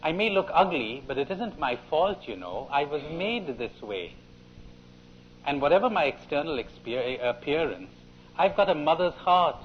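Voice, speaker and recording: A man's voice: a little high, very animated, normal speed, dull audio, slight background noise. A man playing a sly, coaxing crocodile. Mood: pleading. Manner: coaxing, pleading. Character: sly scheming male crocodile.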